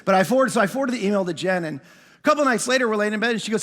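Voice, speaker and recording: A middle-aged male pastor telling a story in a sermon, animated and self-mocking, then dropping into quiet reflection. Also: high voice, rapid-fire. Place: large church auditorium. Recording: long hall reverb.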